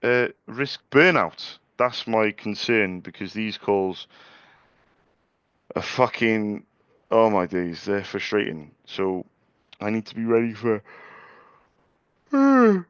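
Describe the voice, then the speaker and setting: A man's voice: on the low side, slow, a bit bright, clear, resonant tone, no echo, lo-fi sound. A young man making sales calls and chatting casually to camera, polite and chatty, with frequent stammered restarts. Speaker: small business owner making sales calls. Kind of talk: casual vlog with live phone calls.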